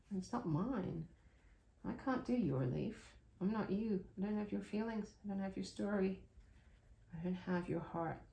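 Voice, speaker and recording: A woman's voice: mid-range voice, gravelly, warm tone, reverberant. A woman giving a casual drawing lesson, chatting and reflecting aloud to the viewer as she works. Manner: chatty, reflective, laughs often, talks to viewer while drawing. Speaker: art tutor.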